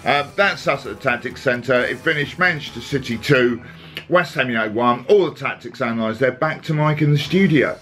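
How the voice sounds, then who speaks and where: A man hosting a comic football vlog, talking deadpan and sarcastic with lots of fillers. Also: mid-range voice, moderate pace. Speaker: comedy vlog host. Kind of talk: comic monologue to camera.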